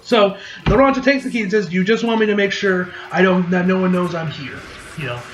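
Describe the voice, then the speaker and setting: Casual male reviewer, high voice, loose and swearing, in a roomy echo. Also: fairly quick, a little hiss or hum. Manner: rambling, profane, acts out quotes in animated voices. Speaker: anime reviewer. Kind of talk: casual episode recap review.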